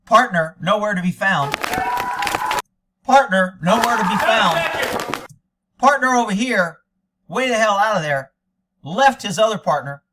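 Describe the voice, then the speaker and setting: A man's voice: sits high, lively intonation, measured pace, pauses often, background noise. An American man giving angry, indignant commentary over police video, ranting at length.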